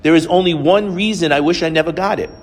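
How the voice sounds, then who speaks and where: A woman's voice: on the low side, fast, close to an everyday voice. A male preacher voicing a frail, determined elderly woman as he retells her words, in a hall with a long reverb. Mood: earnest.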